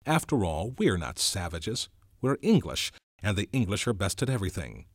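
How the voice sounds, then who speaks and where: A man's voice: sits low, very animated, normal speed, no room sound, clean studio sound, exaggerated voice. A man voicing a bossy, contemptuous schoolboy leader in a novel reading, with a harsh, scornful manner. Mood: proud.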